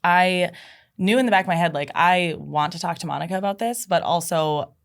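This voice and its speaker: Brief: low-pitched woman guest, chatty and rambling, casual studio podcast talk. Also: fairly quick, vocal fry. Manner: chatty, heavy use of "like". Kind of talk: casual chat.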